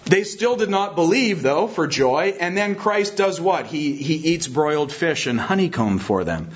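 A man's voice: a little high, animated, measured pace, breathy edge, dull audio. A man preaching a sermon in an earnest, emphatic way, often restarting and repeating phrases.

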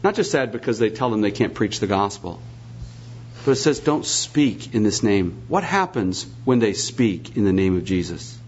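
A man's voice: fairly low pitch, very animated, normal speed, darkish tone, slight background noise. A man preaching a sermon, emphatic and repetitive, posing rhetorical questions, in a dull lo-fi recording.

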